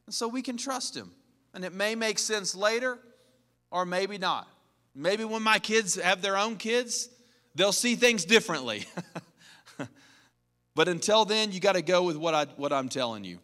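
A man's voice: sits high, sharp tone. A middle-aged man preaching a sermon in a conversational, storytelling way. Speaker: pastor. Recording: hall reverb.

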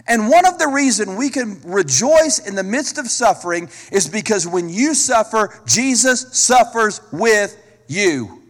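A man's voice: sits high, big pitch swings, unhurried. A man preaching a sermon as a pastor, emphatic, repeating key phrases and asking the listeners direct questions. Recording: long hall reverb.

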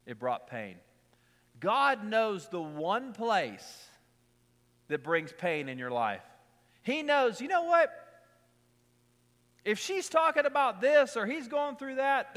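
A man with a high voice preaches a conversational sermon, driving his points home by repeating short lines. He is middle-aged and slips easily into casual personal anecdotes. His voice carries a long reverb tail, as if he is in a large sanctuary. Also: pushed and bright. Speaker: pastor.

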